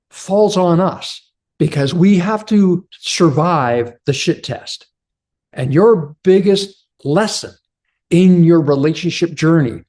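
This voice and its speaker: Mellow-voiced man coaching men. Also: on the high side. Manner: earnest, addresses listeners as brothers. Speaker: men's relationship coach. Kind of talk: motivational talk to men.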